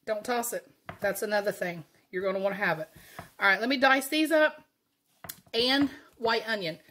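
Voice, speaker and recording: A woman's voice: mid-range voice, normal speed, a bit bright, a little hiss or hum. Chatty Southern woman cooking at home. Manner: chatty, folksy, laughs often. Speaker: cooking channel host. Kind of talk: casual cooking demonstration. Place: home kitchen.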